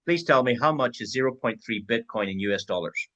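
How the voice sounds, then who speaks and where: A man's voice: medium pitch, lively intonation, a little fast, bright, forceful tone, low-quality recording. A man giving a team sales training talk, acting out both sides of example conversations.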